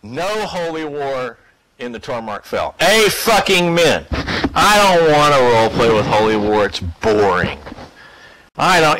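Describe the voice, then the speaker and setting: A man giving a casual spoken lecture to a class, profane, animated and emphatic. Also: medium pitch, low-quality recording. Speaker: class teacher.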